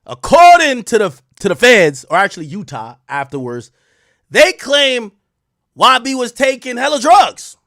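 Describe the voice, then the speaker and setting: Young male host, high and very lively voice, slangy profane storyteller, dry close sound. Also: measured pace, no room sound. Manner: animated, profane, slangy, swings from loud exclaims to low asides. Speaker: show host. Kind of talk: casual storytelling to viewers.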